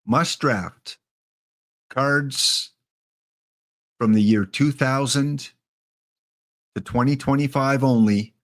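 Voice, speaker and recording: A man's voice: medium pitch, takes it slowly, pauses often, a bit bright. A man hosting a live game stream, chatting casually with viewers by name and reading out the rules.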